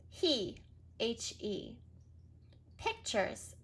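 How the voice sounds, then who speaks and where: A woman's voice: on the high side, sing-song, very slow, bright, forceful tone. A woman teacher giving a recorded reading lesson for young children, sounding out words and spelling them letter by letter, with frequent praise. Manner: encouraging, praises often.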